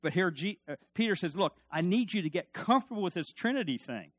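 In a high, animated, fairly bright voice, this middle-aged pastor preaches fast, rising into emphatic bursts and calling on the congregation to repeat his words. The recording is dry.

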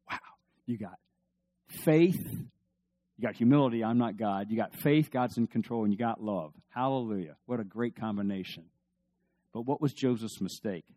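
A man's voice: medium pitch, normal speed. A man preaching a sermon as pastor, emphatic, asking the listeners questions.

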